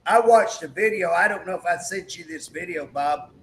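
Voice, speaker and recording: A man's voice: sits high, normal speed, fairly bright tone, rough recording. A male talk show host chatting emphatically, retelling a story and acting out the quotes. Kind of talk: political talk show chat.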